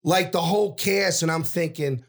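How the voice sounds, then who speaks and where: A middle-aged man tells a story as a podcast guest, his voice pitched a little high. He gets loud and brash and swears freely. He acts out each character's lines in voices of their own. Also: normal speed, gravelly. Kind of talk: animated storytelling.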